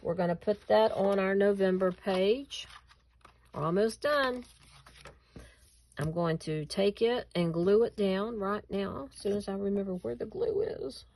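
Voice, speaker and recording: A woman's voice: mid-range voice, animated, unhurried, darkish tone. A woman hosting a casual craft tutorial at home, chatting with viewers and laughing at herself as she cuts and glues.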